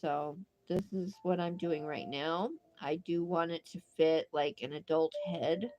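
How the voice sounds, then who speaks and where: A woman's voice: low-pitched, fairly even intonation, a little slow, darkish tone, highs cut off. An older woman with a stuffed-up nose, chatting in a rambling way while she crochets on a livestream from a phone propped up at home. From Idaho, United States. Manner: chatty and rambling, many fillers. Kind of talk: casual chat while crocheting. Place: home craft room.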